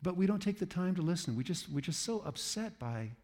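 A man preaching to a room of pastors, telling stories in an animated, self-aware way. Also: high-pitched, fairly quick, in a large hall. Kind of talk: sermon to pastors.

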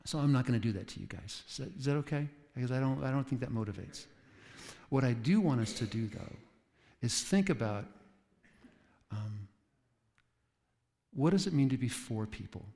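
A man's voice: medium pitch, animated, normal speed, long pauses, a little mellow. Pastor, man, west coast voice, talky storytelling sermon, reverberant hall. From West Coast of the United States. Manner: conversational storytelling with asides to the audience.

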